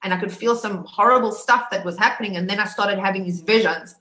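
A woman's voice: mid-range voice, quick pace, bright, forceful tone. A woman from Africa, telling her own story as a survivor, emphatic and full of restarts. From South Africa. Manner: emphatic, repeats words, many restarts. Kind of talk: personal testimony. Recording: roomy echo.

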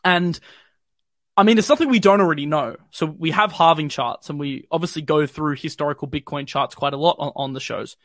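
A man's voice: on the high side, a little fast, fairly bright tone, dry recording, clean studio sound. Young Australian man, casual stream host. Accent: mild city Australian. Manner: chatty, filler-heavy, reads viewer comments. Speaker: crypto livestream host. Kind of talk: casual live-stream chat. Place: home bedroom.

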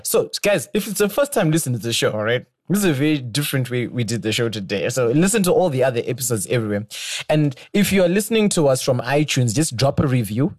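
A man's voice: mid-range voice, darkish tone. A man from Zimbabwe hosting a podcast, chatting loosely and laughing as he signs off the show. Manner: rambling, laughing, loose sign-off. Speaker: podcast host. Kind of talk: casual chat. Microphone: shared mic passed around.

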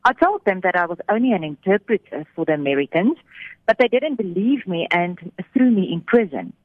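A woman's voice: mid-range voice, animated, a little fast, no room sound, close to an everyday voice. A woman quoting a humble, grateful man who tells of his ordeal in earnest. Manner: earnest, quoted in the first person. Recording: thin phone-like radio sound.

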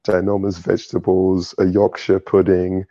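A man's voice: low-pitched, monotone, moderate pace, mellow, no echo, lo-fi sound. A young man from London with a British accent touched by Nigerian inflections, chatting casually as a guest and laughing often. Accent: British English with Nigerian touches. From London, England. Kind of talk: casual conversation.

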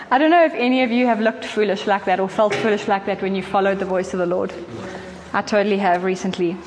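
A woman preaching a sermon in an earnest, conversational way, with quick asides to her listeners. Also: mid-range voice. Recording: faint hall reverb and noise.

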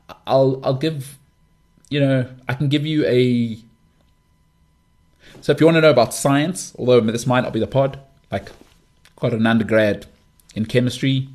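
A man in his thirties hosting a sports podcast, giving blunt opinions in an emphatic, casual monologue. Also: medium pitch. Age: 30s. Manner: opinionated, emphatic, lively delivery.

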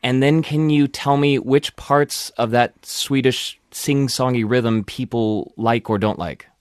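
A man's voice: mid-range voice, slow pace, smooth, dry recording, clean studio sound. A man hosting a podcast, asking playful, curious questions in casual chat. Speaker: podcast host.

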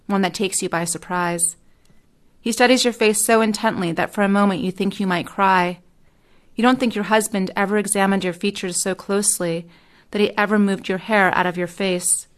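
A woman novelist giving a measured reading of her own second-person fiction. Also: medium pitch. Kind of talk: literary reading.

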